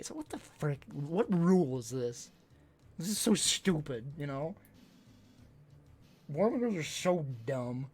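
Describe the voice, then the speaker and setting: A man's voice: on the high side, sing-song, slow pace, pauses often, darkish tone, faint music behind. A man livestreamer chatting casually to his audience, telling stories in a blunt, rambling way. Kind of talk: casual chat to a live stream audience.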